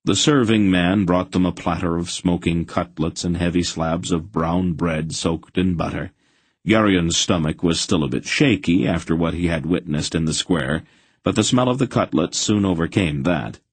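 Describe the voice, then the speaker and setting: A man's voice: deep voice, normal speed, husky, no room sound. A man narrating a fantasy audiobook, putting on voices for the many characters.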